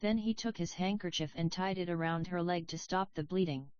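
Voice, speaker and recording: A woman narrating a story audiobook in an even, measured reading voice. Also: on the low side, clear, resonant tone, dry recording. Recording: dry, slightly dull audio.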